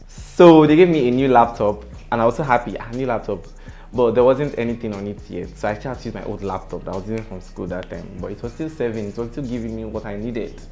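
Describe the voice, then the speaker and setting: A young man with a Nigerian accent, telling a story on his vlog in an animated, dramatic way. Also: lowish voice, fast, few pauses, soft background music. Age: young adult. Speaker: vlogger.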